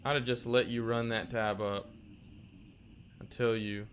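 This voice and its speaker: Brief: man reading as a blunt middle-aged barkeep, slow and stern, reproachful. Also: medium pitch, flat delivery, slight background noise, natural voice. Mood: resentful. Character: gruff middle-aged male bartender keeping tabs.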